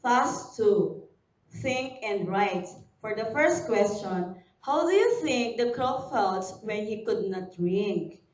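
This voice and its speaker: A woman's voice: fairly high pitch, a little mellow. A woman from the Philippines with a Filipino accent, teaching a recorded lesson to young pupils and spelling words out letter by letter. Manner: slow, deliberate classroom delivery, spelling words letter by letter. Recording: dull, roomy sound, voice a bit far from the mic.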